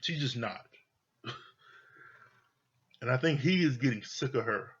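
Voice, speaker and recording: A man talks through a reality show episode in a loose, opinionated way, swearing freely and circling back to the same points. His voice is slightly husky, and the recording sounds a little dull and lo-fi. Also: medium pitch, expressive, unhurried, fairly bright tone. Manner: blunt, profane, repeats himself. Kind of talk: casual opinionated commentary. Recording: dull lo-fi audio.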